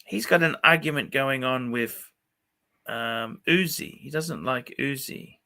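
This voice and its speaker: Aussie bloke on a livestream, swears every other word, super bright voice. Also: male voice, mid-range voice, a little slow. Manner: swears constantly, excitable. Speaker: livestream host. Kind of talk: casual livestream chat.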